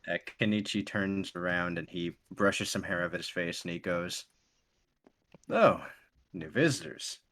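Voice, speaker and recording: Deep-voiced man narrating a tabletop game. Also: moderate pace, hardly any pauses. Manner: calm descriptive narration with voiced characters. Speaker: game master.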